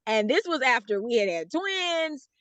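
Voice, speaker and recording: A woman's voice: high voice, sing-song, measured pace, a bit bright, dry recording. A woman with a Southern US accent, a guest author answering interview questions in a chatty way with frequent fillers and laughs. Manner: chatty, laughs often, explains with many fillers.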